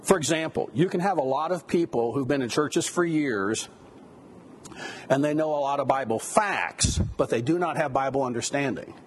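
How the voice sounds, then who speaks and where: A man's voice: medium pitch, moderate pace, slight background noise. A man giving a conversational lecture on biblical counseling, with rhetorical questions and asides. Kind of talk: classroom lecture.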